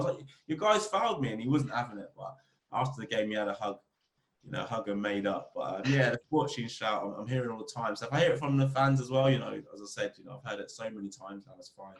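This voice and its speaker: Footballer guy telling animated stories, voice jumps up on the funny bits. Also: fast talker. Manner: animated storyteller, rising pitch when telling funny stories. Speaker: football club captain, podcast guest. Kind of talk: casual interview chat. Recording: roomy echo.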